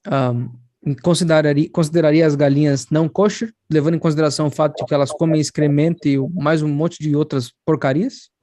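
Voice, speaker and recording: A Brazilian man interpreting live into Portuguese, quickly relaying what the speaker says. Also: on the high side, fairly even intonation, dark tone, no echo, studio quality. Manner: rapid, relaying others' words.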